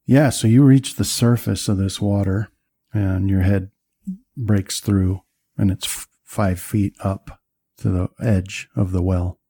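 A man narrating as game master, describing scenes with many pauses and fillers. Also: low-pitched, fairly even intonation, mellow, breathy edge, no echo.

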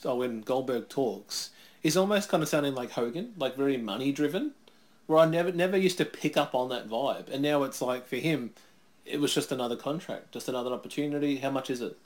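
Aussie guy co-hosting a wrestling watch-along, mid-pitched voice, rambly and laughing a lot. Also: lively intonation, fairly quick. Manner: laid-back, laughs often, rambling asides. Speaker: podcast co-host. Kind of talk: casual watch-along chat.

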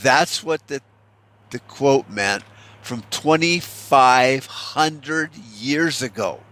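A middle-aged man vents in a loose, casual monologue, blunt and swearing as he goes. His voice sits at an ordinary middle pitch. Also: pushed and bright, slight background noise. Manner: blunt, profane ranting. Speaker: vlogger.

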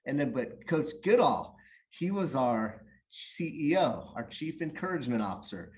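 A rambling, animated man telling coaching stories. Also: mid-range voice, normal speed. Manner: animated, rambling with many restarts. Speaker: guest or co-host, youth soccer coach. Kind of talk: casual storytelling.

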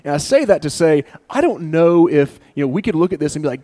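A man's voice: a little high, fast, hardly any pauses, no room sound. Conversational male preacher, dry close sound. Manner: conversational, animated storytelling with rising emphasis. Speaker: pastor. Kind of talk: sermon.

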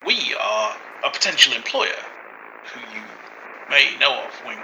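A man's voice: medium pitch, sing-song, unhurried, sharp tone, a little hiss or hum, full character voice, poor audio. A man voicing an odd male alien caller who talks in stilted, formal, broken phrases.

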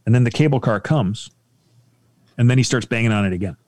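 A man chatting casually with friends while reacting to a video, animated and given to acting out little voices as he spins theories. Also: medium pitch, fairly quick, no room sound. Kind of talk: casual banter.

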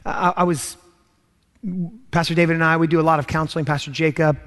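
A pastor preaching a sermon, earnest and emphatic, with words he repeats for weight and some lines dropped to a hush. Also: fairly high pitch, flat delivery, a little fast.

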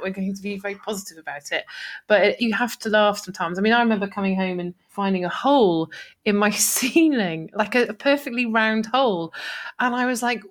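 A middle-aged woman co-hosting a podcast in casual chat, talkative, laughing often and acting out quoted remarks. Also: mid-range voice. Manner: chatty, laughs often, quotes herself in animated asides. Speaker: podcast co-host, social enterprise founder.

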